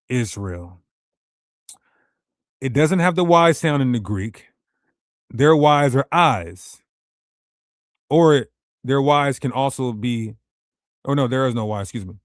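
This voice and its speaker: A man's voice: on the high side, dry recording, studio quality. A man teaching a ministry presentation in an emphatic, rhetorical way, talking straight to his viewers.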